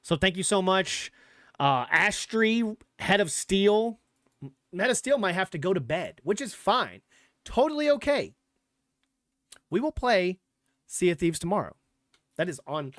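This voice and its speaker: Smooth-voiced man hosting a casual sports stream. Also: high voice, very animated, measured pace, pauses often, a bit bright, no echo, clean studio sound. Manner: loose, rambling and sarcastic, with profanity. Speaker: podcast host. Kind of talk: casual livestream chat.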